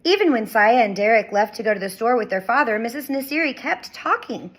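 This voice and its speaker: A woman reading a children's chapter book aloud with expressive storytelling. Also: on the high side, a little fast, husky, low-quality recording. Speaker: reader.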